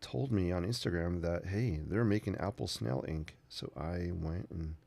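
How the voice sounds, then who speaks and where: A man's voice: low voice, unhurried, gravelly, a little mellow. A man hosting a casual sketching livestream, rambling easily while he paints and answers viewers. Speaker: art livestream host.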